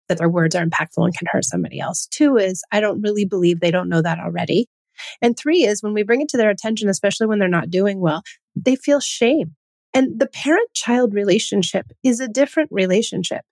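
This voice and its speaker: A woman's voice: mid-range voice, darkish tone, no echo. A woman hosting a parenting podcast, speaking in an earnest, conversational way with emphatic stresses. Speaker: podcast host.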